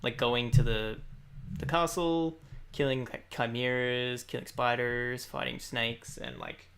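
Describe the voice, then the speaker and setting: Gravelly-voiced man playing a tabletop game. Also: medium pitch, steady tone, a little slow, a bit bright. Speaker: player. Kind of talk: casual tabletop play.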